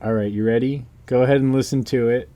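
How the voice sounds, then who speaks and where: A man's voice: mid-range voice, steady tone, fast talker, highs cut off. A man co-hosting a podcast in casual chat, rambling through stories with giggles. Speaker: podcast co-host.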